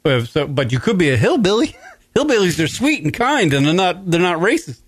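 Dry, slightly high-voiced man telling a rambling story. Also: sing-song, brisk, slightly rough, no room sound. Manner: profane, rambling, laughs mid-story. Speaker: podcast host. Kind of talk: casual chat, rambling storytelling.

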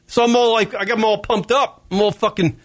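A man's voice: high voice, fairly quick, no echo. Foul-mouthed man telling a story. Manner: animated, swears constantly, frequent fillers. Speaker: podcast co-host. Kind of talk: profane comedic storytelling.

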